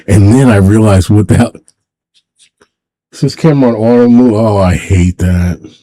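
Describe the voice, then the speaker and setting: A man hosting a casual solo livestream from home, rambling and halting, talking in a sentimental way. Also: fairly low pitch, dark tone, poor audio. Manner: rambling, halting, many restarts; emotional, sentimental. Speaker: livestream host.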